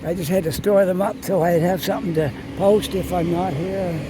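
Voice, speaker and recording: A man's voice: sits high, steady tone, moderate pace. A man from Canada narrating a walk through city streets, chatting and rambling as he thinks aloud, recorded on a phone. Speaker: walking vlogger. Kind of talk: casual walking narration. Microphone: phone held while walking. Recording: outdoor street noise behind.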